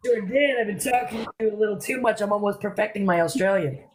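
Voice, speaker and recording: A woman's voice: mid-range voice, slight background noise. A middle-aged woman chatting casually on a live stream, giggly and ribbing her friend. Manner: giggly, ribbing, quick to laugh.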